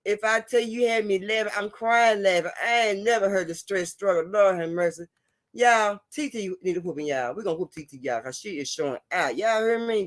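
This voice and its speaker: A man's voice: sits high, normal speed. A man hosting a casual livestream, laughing often, repeating catchphrases and talking straight to his viewers. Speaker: livestream host.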